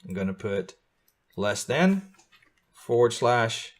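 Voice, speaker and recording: A man's voice: mid-range voice, very animated, slow pace. Middle-aged guy teaching a beginner coding class, patient, keeps checking in with the students. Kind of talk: live beginner coding lesson.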